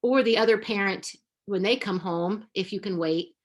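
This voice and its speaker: A woman's voice: mid-range voice, moderate pace. A woman on a church women's panel, speaking earnestly and affirmingly, often breaking off and restarting her sentences. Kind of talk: casual panel discussion.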